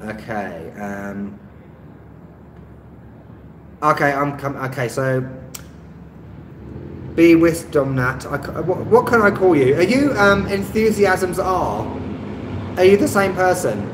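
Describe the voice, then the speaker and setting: Rambling Londoner chatting in an echoey room. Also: male voice, on the high side, animated, slow pace, long pauses. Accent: Estuary English, London. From London, England. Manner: rambling, lots of ums and restarts, chatty and self-mocking. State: tired, no rest. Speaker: travel vlogger on a live stream. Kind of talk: casual live-stream chat, reading viewers' comments. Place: rented room indoors. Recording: echoey room with loud background noise and passing vehicles.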